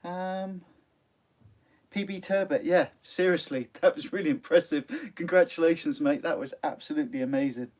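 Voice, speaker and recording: A man hosting a live fishing stream, chatting casually and reading out viewer comments, laughing often and filling pauses with "um". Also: a little high, darkish tone. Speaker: sea angling channel host. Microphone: phone.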